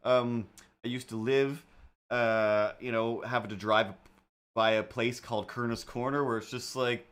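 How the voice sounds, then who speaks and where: A man's voice: medium pitch, steady tone, unhurried, fairly bright tone, clear, resonant tone. A man hosting a casual drawing livestream, talking in a rambling, jokey way with lots of fillers and asides. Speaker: livestream host and artist.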